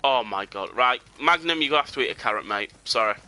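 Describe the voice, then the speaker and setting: A man's voice: mid-range voice, lively intonation, a little fast, pushed and bright. A young British man chatting casually and joking with viewers while he plays a game on a live stream.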